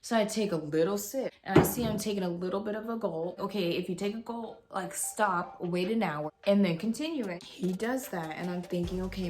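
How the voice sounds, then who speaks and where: Young woman vlogger, lively storyteller, curses a lot, faint music underneath. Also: on the low side. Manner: animated, swears freely, voices others in quotes. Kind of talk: casual storytelling. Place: home room with a heater.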